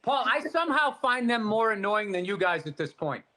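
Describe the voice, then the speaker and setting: A high-pitched man, swapping stories on a podcast. He talks in an animated, swearing way and laughs as he goes. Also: normal speed, a crowd in the background. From Boston, USA. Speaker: podcast co-host. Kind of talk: casual profane storytelling chat.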